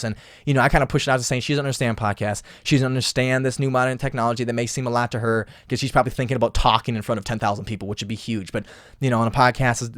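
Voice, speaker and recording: A man's voice: mid-range voice, no echo, clean studio sound. A young man hosting a casual motivational podcast, talking solo in an impassioned, emphatic way and often repeating phrases. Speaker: podcast host.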